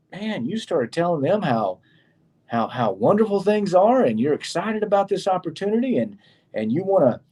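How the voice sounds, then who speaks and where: A middle-aged man co-hosts a relaxed chat and tells stories with lively swings in his voice. He acts out the people he quotes, and his voice sits a little higher than most men's. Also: breathy edge. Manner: animated storyteller acting out quoted people. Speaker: co-host. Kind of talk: casual show chat.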